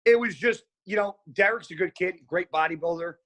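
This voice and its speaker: A man's voice: high-pitched, a little fast. Blunt, profane man telling stories. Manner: blunt, profane, animated storyteller. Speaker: podcast guest. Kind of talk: casual chat.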